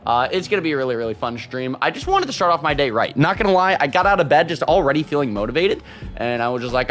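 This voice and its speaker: A man live-streaming, chatting casually with his viewers and reading out super chats, excitable and quick to laugh. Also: a little high, faint music behind. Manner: excitable, laughs often, loud shout-outs.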